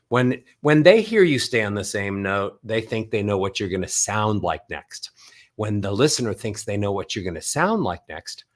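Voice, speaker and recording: A middle-aged man, a voice coach, giving an animated motivational talk and swinging his voice up and down to show melody. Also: on the low side, normal speed. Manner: animated, demonstrates voice melodies by singing up and down. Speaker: voice coach and author.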